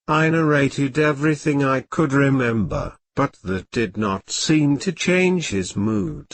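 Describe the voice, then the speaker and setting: A computer-generated male voice narrating an audiobook in a slow, even reading. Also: medium pitch, no room sound.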